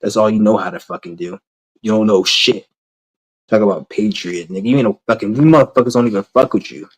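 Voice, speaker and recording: A man's voice: fairly low pitch, brisk, breathy edge, poor audio. A man ranting to his camera in a blunt, rambling, heavily profane way, repeating himself as he goes. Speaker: vlogger.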